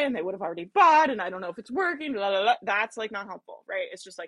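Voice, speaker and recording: A woman's voice: mid-range voice, lively intonation, quick pace, few pauses, a bit bright, no echo. A woman giving a motivational business talk, emphatic and repetitive, often acting out whiny self-talk and laughing at herself. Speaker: business coach.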